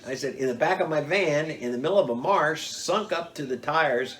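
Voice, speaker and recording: An older man telling old hunting stories in a lively way, jumping up in pitch when he acts out what people said. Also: moderate pace, a little hiss or hum. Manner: animated, acts out quotes with big pitch jumps. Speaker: storyteller.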